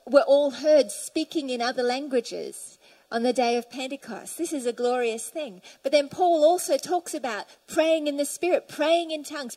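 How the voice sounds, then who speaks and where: Female preacher, high-pitched, fervent sermon delivery with scripture reading, church setting. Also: a little mellow, low-quality recording. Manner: fervent, reads scripture aloud and tells stories.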